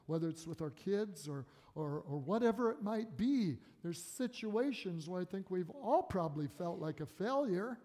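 A male pastor preaching and praying to his congregation in an earnest sermon style, swelling to emphatic peaks and dropping low. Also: mellow. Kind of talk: sermon with prayer. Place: church sanctuary. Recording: long reverb of a church hall.

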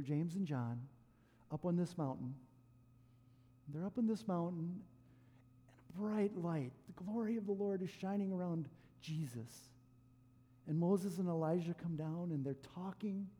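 A male preacher telling a story in a sermon, animated and acting out the quoted lines. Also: on the high side, slightly rough, in a large hall. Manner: animated retelling with acted quotes.

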